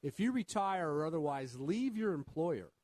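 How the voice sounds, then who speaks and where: A man's voice: on the high side, very animated, normal speed, darkish tone, dry recording. A man co-hosting a finance radio show as an advisor, patiently explaining retirement rules while quizzing his co-host. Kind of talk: radio call-in finance chat.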